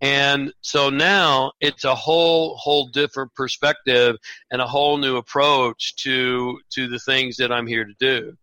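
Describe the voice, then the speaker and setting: A man's voice: medium pitch, steady tone, sharp tone, no room sound, poor audio. A man speaking as a guest author on a radio interview, earnest and reflective, often restarting his sentences. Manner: earnest, halting restarts, acts out quotes in a raised voice.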